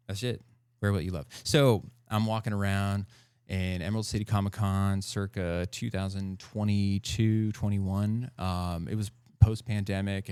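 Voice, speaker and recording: Man, podcast guest, low voice, smooth and clear, casual animated chat, close dry mic. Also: no room sound. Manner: animated, laughs often, many fillers.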